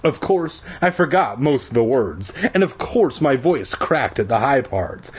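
Man, slow husky storyteller, sarcastic and profane asides. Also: mid-range voice, expressive. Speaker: reader. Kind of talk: comedic book reading with crude asides.

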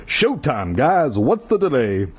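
A man voicing a bossy male carnival barker who barks brisk orders in a raised voice. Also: medium pitch, big pitch swings, husky, voice pushed up, exaggerated voice.

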